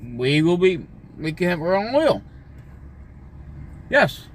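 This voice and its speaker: A man's voice: sits high, sing-song, slow, slight background noise. A man livestreaming an angry, profane political rant, repeating himself and swearing often. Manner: heated, profane, repetitive.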